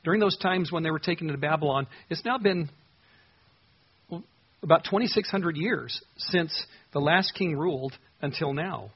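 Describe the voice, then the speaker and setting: A man's voice: fairly high pitch, moderate pace, slightly rough, muffled recording. A man preaching a sermon, earnestly reading scripture verses aloud and explaining them. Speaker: pastor.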